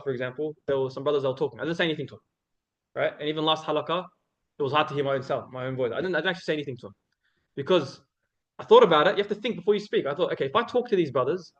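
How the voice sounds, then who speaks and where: Lively young man giving a talk. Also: on the high side, dull audio. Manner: lively, addresses the audience directly with tag questions. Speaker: speaker at a student religious circle. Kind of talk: informal talk to a student audience.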